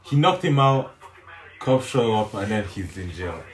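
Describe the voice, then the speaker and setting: Lively young man reacting in an echoey room. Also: lowish voice, unhurried. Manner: excitable, reacting out loud, slangy. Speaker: reaction channel host. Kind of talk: casual group reaction chat.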